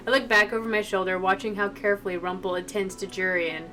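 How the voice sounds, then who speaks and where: Woman streamer, reading a visual novel aloud, emotional, chatty asides, set-back mic, soft background music. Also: mid-range voice, steady tone, fast, few pauses, far from the mic, low-quality recording.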